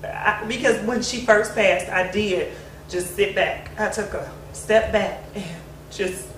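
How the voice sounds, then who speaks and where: A woman's voice: mid-range voice, steady tone, takes it slowly, a bit bright. Reflective woman in an echoey room. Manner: reflective, laughs between thoughts. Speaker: grieving daughter sharing memories. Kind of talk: candid family conversation. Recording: roomy, distant mic, faint hiss.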